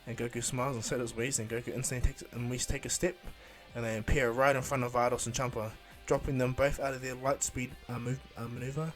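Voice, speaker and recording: A man's voice: medium pitch, level tone, soft background music. Rambling male storyteller. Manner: rambling, halting with fillers. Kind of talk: casual improvised story retelling.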